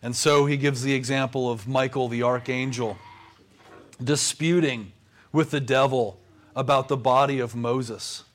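A man preaching a measured sermon. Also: medium pitch, fairly even intonation. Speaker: pastor.

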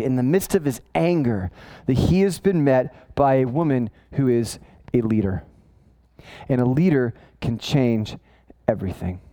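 A male pastor preaching a sermon, telling the story in a casual, animated way with lots of asides. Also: medium pitch, poor audio.

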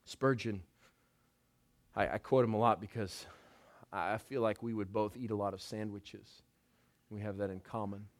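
A man in his thirties giving a sermon as pastor, conversational, with wry humor and slow, emphatic phrases. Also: on the low side, fairly even intonation.

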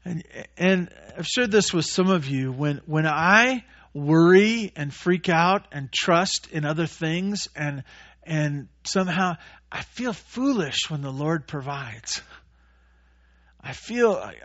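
A man preaches a sermon from the pulpit, his voice sitting high for a man. He delivers it in an animated way, slipping into the voices of the figures he describes. The recording sounds muffled and lo-fi. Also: slow. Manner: animated, acts out voices of Jesus and disciples. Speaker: pastor.

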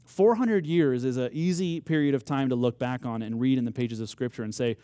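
A man's voice: medium pitch, brisk, mellow, no room sound. A man preaching a sermon, telling a story with rising emphasis and acted-out quotes. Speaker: pastor.

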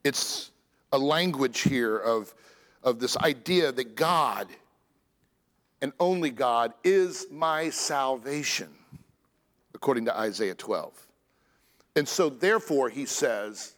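A man preaching a sermon as pastor, earnest and lively, stressing phrases between pauses. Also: medium pitch. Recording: echoey church hall.

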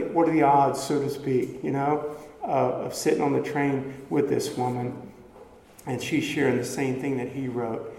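A man's voice: mid-range voice, darkish tone, slight background noise. A man preaching a sermon as pastor, earnest, often repeating words as he goes. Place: church sanctuary. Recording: echoey church hall, faint ambience.

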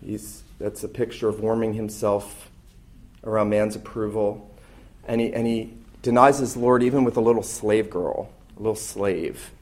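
A man's voice: fairly low pitch, steady tone, normal speed, a little mellow. A man preaching a sermon as a pastor, earnest and emphatic, leaning into key phrases.

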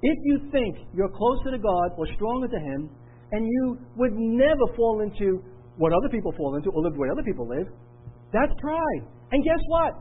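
A man's voice: very high-pitched, lively intonation, normal speed, slightly rough, phone-quality sound. A middle-aged man preaching a sermon with earnest, repetitive emphasis. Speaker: pastor.

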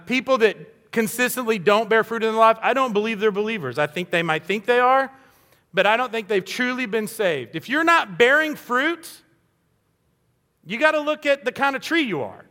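A man's voice: high-pitched, very animated, moderate pace, bright, forceful tone, in a large hall. A man preaching a sermon in an earnest, conversational way, acting out little quoted voices as he goes. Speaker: pastor.

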